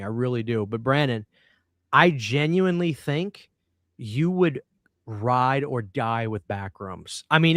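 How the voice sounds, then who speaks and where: A man co-hosting a live-streamed podcast, talking in a chatty, animated way and often cutting in on his guest. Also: mid-range voice, dry recording, clean studio sound. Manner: animated, chatty, talks over others. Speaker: podcast co-host. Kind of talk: casual live-stream chat.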